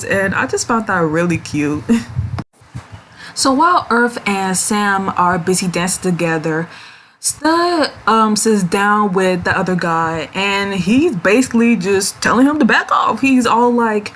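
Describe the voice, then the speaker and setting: A chatty woman recaps a series episode, giggling as she goes and slipping into playful voices for each character. Her pitch sits in an ordinary middle range, and a faint hiss runs under the recording. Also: lively intonation, a little slow, a bit bright. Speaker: series reviewer. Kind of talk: casual recap vlog.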